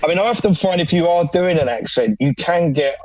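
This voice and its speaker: Chatty actor guest, slightly high. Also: male voice, fairly quick, darkish tone, dry recording, lo-fi sound. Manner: chatty, self-deprecating, laughs often. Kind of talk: casual chat.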